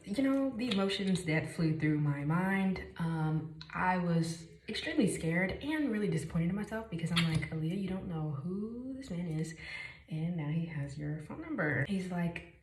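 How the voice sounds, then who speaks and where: Young woman vlogger, lowish voice, chatty story time in an echoey room with faint hiss. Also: normal speed. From Chicago. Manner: animated, jumps between whispers and bursts of exclaiming. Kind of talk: casual story time while doing makeup.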